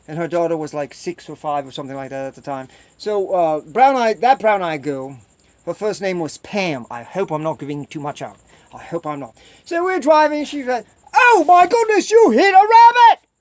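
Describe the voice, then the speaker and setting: High, lively rambling man on a dry mic. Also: dry recording. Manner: rambling, repetitive storytelling; acts out other people's voices in a high squeal. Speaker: vlogger. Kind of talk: rambling solo video chat.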